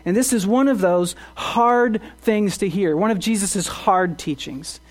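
A man's voice: high voice, a little slow. A man preaching a sermon as pastor, earnest, asking the congregation rhetorical questions and often restarting his words.

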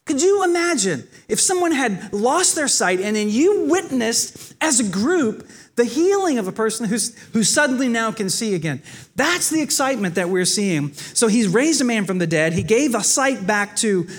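A man's voice: very high voice, husky. A pastor preaching a sermon, telling the stories vividly and speaking directly to his congregation. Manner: animated, expressive storytelling with acted quotes.

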